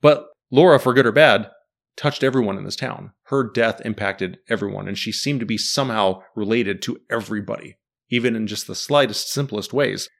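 A man's voice: lowish voice, normal speed, gravelly. A man in casual chat, animatedly breaking down a TV series and quizzing his co-host. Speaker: podcast host discussing a TV series.

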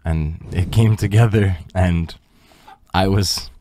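A man's voice: low voice, takes it slowly, dark tone. A man from Canada, a guest in a casual interview at home, joking and self-deprecating while he talks with a mouthful of food. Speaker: guest rapper. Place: home room.

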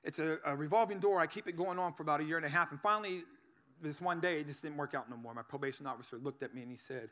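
A man with a high, ringing voice gives a church testimony. He preaches earnestly and keeps asking the room for an amen. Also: racing, a bit bright. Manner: earnest, preacherly, calls for amens. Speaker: guest speaker giving testimony. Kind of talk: testimony sermon.

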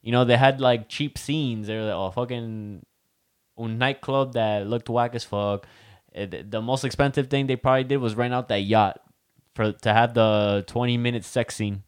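A man's voice: medium pitch, fairly even intonation, moderate pace, smooth, no room sound, clean studio sound. Young man chatting casually, mixing in Spanish. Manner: casual, switches into Spanish phrases, swears freely. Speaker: podcast co-host. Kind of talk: casual chat.

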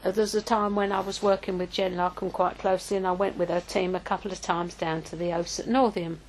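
A woman's voice: fairly low pitch, level tone, fast, a little hiss or hum, poor audio. An older woman giving an informal, anecdotal teaching talk as a preacher, chatty and prone to self-corrections.

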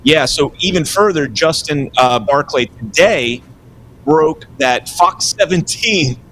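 A man's voice: fairly high pitch, slow pace, fairly bright tone, slight background noise. Rambling man explaining politics. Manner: rambling, explanatory, hedges with "you know". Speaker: political writer, guest. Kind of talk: casual political commentary.

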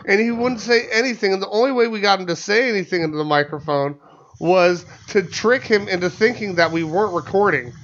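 A man's voice: sits high, fairly quick, a bit bright. A man hosting a podcast in casual chat, rambling and swearing with many stammered restarts. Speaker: podcast host. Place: studio. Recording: muffled lo-fi podcast audio.

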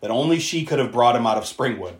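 A man's voice: mid-range voice, lively intonation, quick pace. A man hosting a podcast, casually recapping a movie, chatty and swearing, laughing often between lines. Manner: chatty, laughs a lot, swears, many fillers. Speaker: podcast host. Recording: roomy echo.

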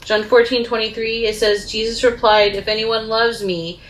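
A woman co-hosting a casual Bible discussion, reading passages slowly and thinking aloud between them. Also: a little high, level tone, rough recording. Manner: measured, reads verses slowly, thinks aloud.

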